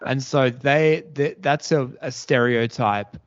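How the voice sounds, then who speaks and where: A man hosting a casual podcast chat, talking in a rambling, halting way full of restarts. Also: mid-range voice. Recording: dull lo-fi podcast audio.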